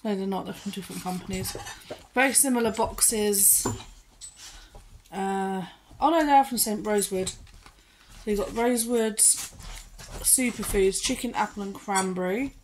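A woman's voice: medium pitch, measured pace, long pauses, a little hiss or hum, low-quality recording. A woman vlogger chatting casually at home, reading out ingredient lists and giving her dog short commands, recorded on a phone. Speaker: pet vlogger unboxing dog treats. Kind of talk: casual chat while training her dog.

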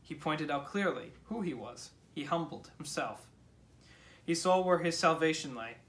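A man leading a church's morning prayer, reading scripture and a sermon text in a measured, solemn way. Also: on the high side, expressive, a bit bright.

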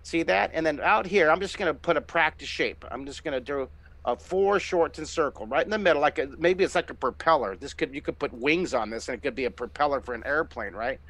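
A middle-aged man hosting a live online drawing lesson, giving excited, encouraging step-by-step instructions as he sketches. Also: a little high, fairly quick. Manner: enthusiastic, encouraging, exclamatory. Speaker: drawing teacher and host.

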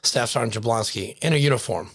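A man in his fifties hosting a podcast, a former infantry Marine trading quick, teasing banter. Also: medium pitch, breathy edge, no echo, clean studio sound. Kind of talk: casual chat.

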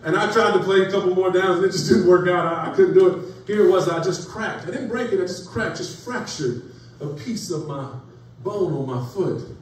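The pastor's voice sits high and moves at normal speed as he preaches a folksy sermon full of stories that build to rising emphasis. The recording picks him up from far off in an echoey church sanctuary, with faint noise.

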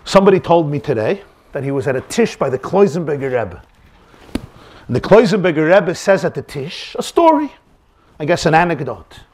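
High, lively-voiced rabbi teaching. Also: male voice, normal speed. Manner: animated, acts out dialogue scenes; sprinkles Yiddish and Hebrew terms. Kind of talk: Torah class lecture.

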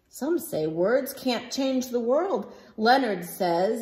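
A woman reading a picture book aloud for children, slow and expressive. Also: a little high. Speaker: storybook reader.

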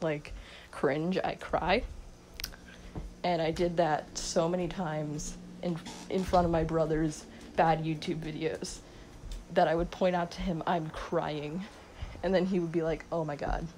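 A woman's voice: on the low side, darkish tone, a little hiss or hum, low-quality recording. A young woman in her teens rambling unscripted into her phone at night, giggling, mumbling and sleep-deprived after staying up all night. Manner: giggly, self-mocking, mumbling. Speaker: vlogger. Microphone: phone mic.

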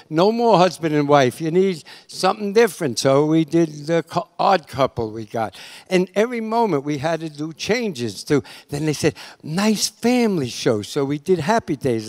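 Older man, animated storyteller, slightly high voice; reads as a seasoned raconteur who acts out everyone he quotes. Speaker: guest, TV writer-director. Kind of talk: anecdotal storytelling.

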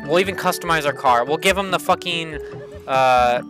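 A young man giving excitable, swearing commentary while playing a kart racing game, often jumping up into high yelps. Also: moderate pace, over music. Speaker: gaming channel host. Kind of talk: let's play commentary.

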